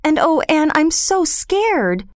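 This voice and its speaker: A woman's voice: high voice, sing-song, takes it slowly, no echo, clean studio sound, pitched above the performer's own voice, heavily acted. A woman voicing a frightened young girl in a storybook reading, pleading and anxious. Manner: pleading, breathless with worry. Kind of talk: storybook character voice.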